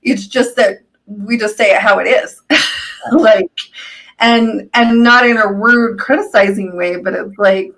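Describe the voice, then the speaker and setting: A woman's voice: medium pitch, steady tone, a little slow, low-quality recording. Chatty woman healer telling stories. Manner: warm storytelling, laughs often, acts out quoted people. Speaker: healer, co-host. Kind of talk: casual live-stream chat.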